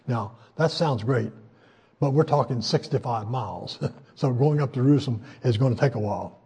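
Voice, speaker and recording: An older man preaching a sermon in a folksy, conversational way, pausing often with fillers and raising his voice when he quotes scripture. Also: medium pitch, warm tone, slightly rough. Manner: folksy, conversational, frequent hesitations; voice rises when quoting scripture.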